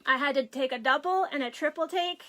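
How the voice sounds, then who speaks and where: Tearful woman in her forties with a high, bright voice telling her story emotionally. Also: brisk. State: crying, runny nose. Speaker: craft vlogger. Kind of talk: personal story on a live video.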